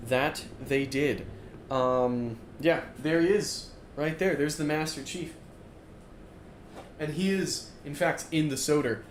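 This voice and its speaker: A man's voice: a little high, slow. A young man streaming a game, chatting casually and rambling with lots of fillers while he plays and reads chat aloud. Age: young adult. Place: dorm-style room, standing while streaming. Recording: roomy echo, faint room noise.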